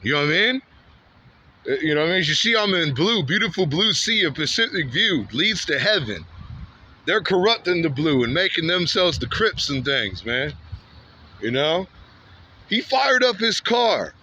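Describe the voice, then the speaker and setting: High, bright-voiced man rambling outdoors. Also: big pitch swings, normal speed, muffled recording, slight background noise. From Santa Ana, California. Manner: rambling, repetitive, heated retelling; frequent "man" and "bro" tags. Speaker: vlogger. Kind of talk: walking vlog storytelling. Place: outdoors on a street.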